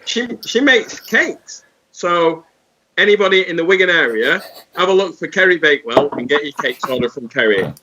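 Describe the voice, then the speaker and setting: A man's voice: a little high, animated, a little fast, bright, forceful tone, slight background noise. A tipsy man telling a rambling story on a casual chat. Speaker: panel guest. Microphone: video call. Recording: muffled video call audio.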